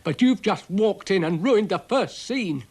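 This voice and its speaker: A self-important British cartoon dog grumbles in a slow, lofty voice, as a man puts him on. His pitch swings widely as he huffs with exasperation. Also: lively intonation, darkish tone, husky, full character voice. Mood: exasperated. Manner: pompous, exasperated. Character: grumpy pompous male dog, self-important.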